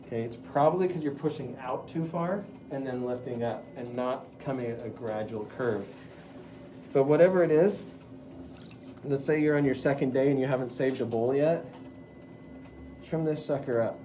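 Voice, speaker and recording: A man's voice: mid-range voice, moderate pace, dark tone. Middle-aged guy walking a class thru throwing bowls, chatty, noisy studio. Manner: chatty, talks students through each step. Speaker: pottery teacher. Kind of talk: live wheel-throwing demonstration.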